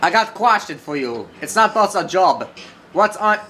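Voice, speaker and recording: A man's voice: sits high, sing-song, moderate pace, bright, forceful tone. A man casually commentating over gameplay, joking and riffing, sometimes in mock broken English. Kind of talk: casual let's-play commentary.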